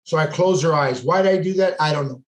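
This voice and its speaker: Guy telling a story, higher voice, lots of echo in the room, acts out the dialogue. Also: quick pace. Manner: intense, quotes dialogue as he tells it. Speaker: podcast guest, police sergeant. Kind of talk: casual storytelling. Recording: echoey room.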